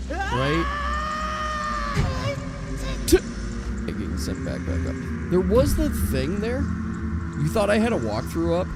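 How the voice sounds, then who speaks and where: Gaming streamer dad, 30s, rambling self-mocking chat, lively swinging delivery over loud music. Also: male voice, high-pitched. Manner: rambling, self-mocking, talks to himself while playing.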